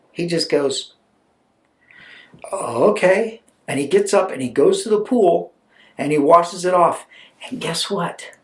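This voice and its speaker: A man preaching a storytelling sermon, animated and conversational, with chatty asides. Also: high-pitched. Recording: roomy echo.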